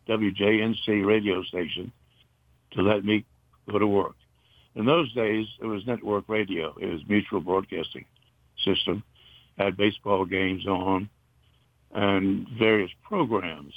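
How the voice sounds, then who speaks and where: An older man from North Carolina, a retired broadcaster, reminiscing in a halting, rambling way with many fillers. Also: fairly low pitch, no echo. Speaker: interview guest, retired broadcaster. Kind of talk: casual reminiscing. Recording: dull, muffled dry recording.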